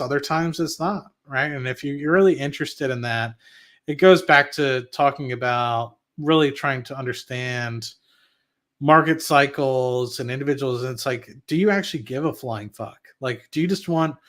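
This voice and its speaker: A man's voice: medium pitch, a bit bright. A man hosting an investing stream, talking casually and bluntly, with swearing and restarts, and answering viewer chat. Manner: rambling and blunt, with frequent profanity and restarts. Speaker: investing channel host. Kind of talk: casual livestream talk reading viewer chat.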